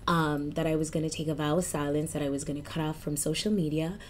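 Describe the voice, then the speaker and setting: A woman in her thirties, a healer and life coach, talking openly to camera in a personal vlog, with many ums and repeats and now and then a breathy whisper. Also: sits low, steady tone, quick pace, slight background noise. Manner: warm confiding talk with many ums and repeats.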